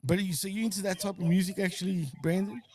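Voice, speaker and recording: A man's voice: high voice, fairly even intonation, fast talker, darkish tone, dry recording. A man hosting a casual wrestling watch-along stream, laid-back and swearing, tacking "man" and "bro" onto his sentences. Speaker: host.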